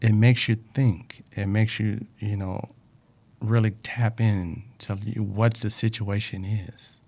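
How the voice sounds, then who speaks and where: A man's voice: on the low side, level tone, takes it slowly, a little mellow. A man in a reflective personal talk, speaking earnestly about life lessons and often repeating words, emotional with a drying throat.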